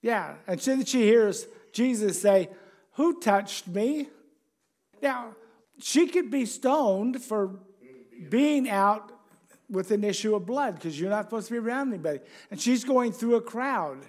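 A man's voice: high-pitched, lively intonation, unhurried, darkish tone. A man preaching a sermon in a conversational way, chuckling and asking the congregation questions.

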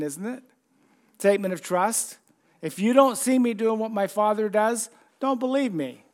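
A man's voice: sits high, darkish tone. A man preaching a conversational sermon, repeating phrases over and over for emphasis.

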